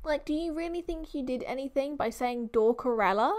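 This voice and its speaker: A woman's voice: high voice, fairly quick, darkish tone, slight background noise. A young British woman giving playful, teasing commentary while reacting to a film. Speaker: movie reaction host.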